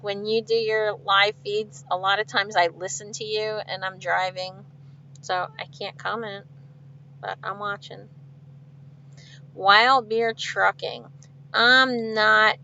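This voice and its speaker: Sitting in her truck cab with the refrigeration unit humming, a woman driver chats casually on a live stream. Her medium-pitched voice has a sharp tone, the highs are cut off, and she laughs a lot while reading viewers' comments aloud.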